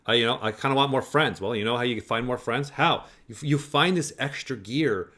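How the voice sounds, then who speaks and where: A man's voice: mid-range voice, a little fast, bright, forceful tone. A man hosting a commentary show, talking through a clip in a rambling, profane way with lots of fillers. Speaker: podcast host analyzing clips. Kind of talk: casual commentary.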